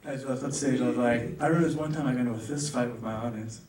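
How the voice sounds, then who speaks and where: A man's voice: medium pitch, rapid-fire, darkish tone, slight background noise. A man hosting a comedy club show, talking loosely and mocking himself between acts. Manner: loose, rambling, self-mocking delivery. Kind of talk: stand-up hosting and crowd work. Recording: roomy club sound from a distance.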